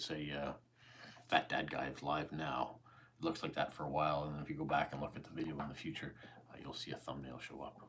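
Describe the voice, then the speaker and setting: A calm, easygoing Canadian man in his forties with a very deep voice, chatting casually with viewers on a live stream. He sounds unhurried and relaxed, and a faint hiss sits under his voice. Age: 40s. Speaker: YouTube host. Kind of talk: casual livestream chat answering viewer comments.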